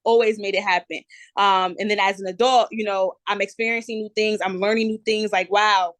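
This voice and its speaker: A woman in her twenties with a New Jersey accent, chatting as a podcast guest and telling her story in a lively way. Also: medium pitch, a little fast, no room sound. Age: 20s. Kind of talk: casual interview.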